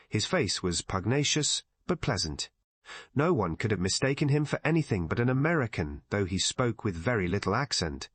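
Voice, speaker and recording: A man narrating an audiobook novel with measured, scripted storytelling. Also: lowish voice, a bit bright, husky, no echo. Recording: dry close recording.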